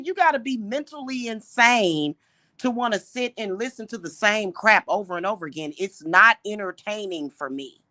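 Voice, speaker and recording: A woman hosting a livestream, ranting indignantly at her viewers with exasperated rhetorical questions and slow, emphatic repetition. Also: medium pitch, expressive, sharp tone, no echo. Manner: repeats points slowly and emphatically. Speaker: livestream host.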